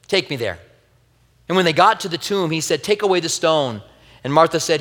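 Earnest pastor preaching in a reverberant hall. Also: male voice, fairly high pitch, very animated, normal speed, a bit bright. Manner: earnest storytelling with wry asides; grieving, tender and personal. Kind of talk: sermon.

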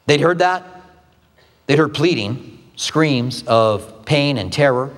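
A man's voice: animated, takes it slowly, long pauses, long reverb tail. A male pastor delivering a sermon, telling the story dramatically with acted quotes. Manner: dramatic retelling with acted quotes, shifting pitch widely.

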